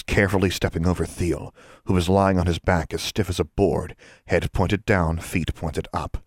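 A man narrating an audiobook in an even, measured storytelling manner. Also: sits low, no room sound, clean studio sound.

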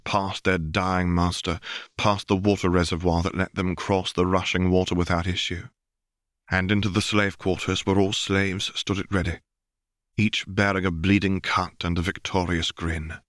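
A man narrating a fanfiction audiobook in a steady storytelling manner. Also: low-pitched, dry recording, studio quality. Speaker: audiobook reader.

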